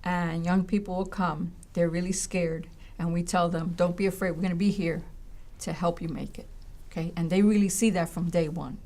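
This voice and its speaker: A woman's voice: lowish voice, moderate pace, hardly any pauses. A woman college educator telling a story in conversation, acting out voices and often checking in with "right?" and "you know.". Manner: animated, acts out voices in her stories.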